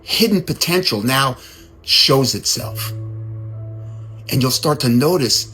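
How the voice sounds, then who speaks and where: A man giving a casual, conversational sermon, animated and given to repeating his words. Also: medium pitch, slow pace, faint music behind. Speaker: speaker.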